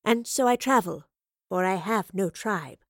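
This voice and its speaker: A woman reading aloud and voicing a calm, curious travelling professor who speaks in a measured, careful way. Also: medium pitch, dry recording, clean studio sound.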